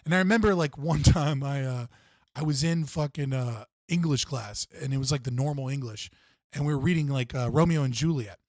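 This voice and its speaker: A man's voice: mid-range voice, brisk, darkish tone, no echo, studio quality. A man hosting a casual livestream, telling rambling stories full of swearing and fillers. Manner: profane, rambling storytelling with frequent fillers. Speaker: streamer host.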